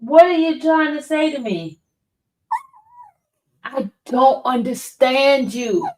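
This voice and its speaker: A woman's voice: high voice, lively intonation, takes it slowly, long pauses, a little mellow, a little hiss or hum. A woman chatting casually with her viewers and teasing her dog with playful questions.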